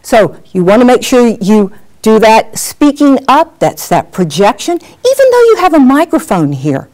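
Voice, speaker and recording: A middle-aged woman teaching a workshop on presenting on camera, animated and acting out examples as she talks. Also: on the high side, unhurried. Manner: lively, animated, acts out examples. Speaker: on-camera skills coach. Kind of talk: workshop lesson.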